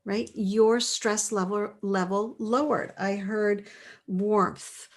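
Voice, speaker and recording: A woman in her forties leading a live online class, reading out chat replies in a gentle, affirming way and laughing often. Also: medium pitch, fairly even intonation, slow. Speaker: course leader.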